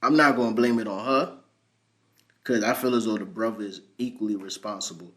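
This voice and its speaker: A man giving reaction commentary in an animated way, swinging between loud high bursts and low murmurs. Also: brisk.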